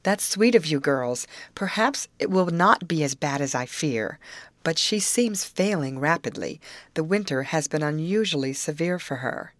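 A woman reading an audiobook, voicing a worried teenage girl who talks softly and earnestly. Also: sits low, expressive, normal speed, no echo.

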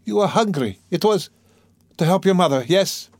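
A man's voice: normal speed, darkish tone, no room sound, close to an everyday voice. A man reading an audiobook, voicing a distraught, bewildered young woman with a raised, tearful, pleading voice. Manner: high, tearful, urgent pleading. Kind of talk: audiobook character voice.

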